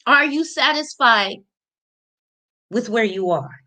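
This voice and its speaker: Emphatic, bright-voiced woman coach. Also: a little high, lively intonation, takes it slowly. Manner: emphatic, preachy, repetitive. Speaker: motivational coach. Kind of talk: live motivational talk.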